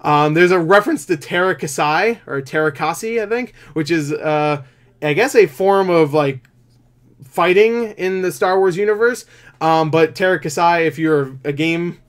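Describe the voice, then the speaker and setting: A man reviewing a movie in casual, rambling talk, full of fillers and offhand swearing, with sudden jumps in loudness. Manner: excitable, quick shifts in loudness and pitch.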